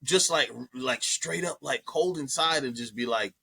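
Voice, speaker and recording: A comedian guest telling a story in casual chat, profane and animated, jumping into other people's voices as he goes. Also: mid-range voice, unhurried, creaky, slightly rough.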